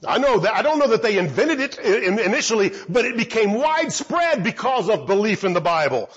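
Man, Bible teaching talk, husky voice, rhetorical questions answered himself, dull lo-fi recording. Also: high voice, very animated, fairly quick, a bit bright.

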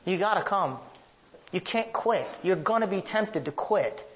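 A man's voice: animated, measured pace, fairly bright tone. A man preaching a sermon as pastor, emphatic and confessional, telling personal stories with big swings in his voice. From northern United States. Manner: emphatic, with sweeping pitch rises; confessional, anecdotal storytelling.

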